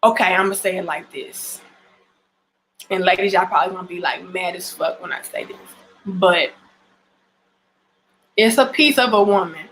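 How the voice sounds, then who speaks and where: A woman's voice: fairly low pitch, normal speed, long pauses, a bit bright, a little hiss or hum. A woman in giving blunt, emphatic relationship advice in a casual vlog, swearing freely and often restarting her phrases. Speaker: relationship vlogger. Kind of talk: casual direct-to-camera advice.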